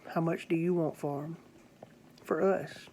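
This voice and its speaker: A calm redeemer insists steadily on his question. A slow-spoken preacher gives him voice in a sermon story. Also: mid-range voice, slight background noise, close to an everyday voice. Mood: resolute. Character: Jesus, calm and resolute redeemer.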